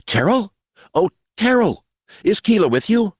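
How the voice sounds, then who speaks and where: A frantic mother, voiced by a man, cries out shrill and pleading, pitched far above his usual voice. The recording is dry and close, in an audiobook style. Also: sing-song, measured pace, breathy edge, no room sound, heavily acted. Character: desperate middle-aged mother, shrill with hope.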